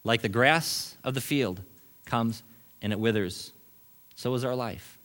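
A middle-aged pastor preaches with animation in a church sanctuary, moving from loud points to quiet asides and letting out brief chuckles. He speaks in a mid-range voice, a little slowly.

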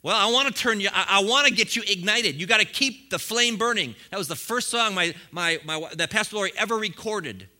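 Man, pastor, sermon, very bright voice, fairly high pitch, fiery bursts, chuckles often. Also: lively intonation, fairly quick, few pauses. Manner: preaching with rising bursts and chuckles.

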